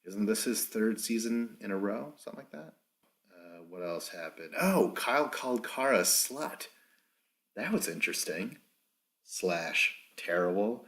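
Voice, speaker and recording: Rambling, foul-mouthed male podcaster, lowish voice. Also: lively intonation, unhurried, a bit bright. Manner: rambling, profane, acts out quotes. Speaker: podcast host. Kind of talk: casual podcast recap. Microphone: no proper microphone.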